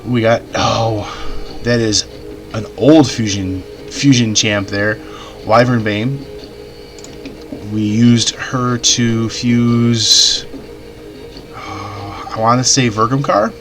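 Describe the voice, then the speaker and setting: A man's voice: mid-range voice, extremely slow, pauses often, over music. A man hosting his gaming channel, chatting enthusiastically in casual gamer slang while he plays. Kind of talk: casual gameplay commentary.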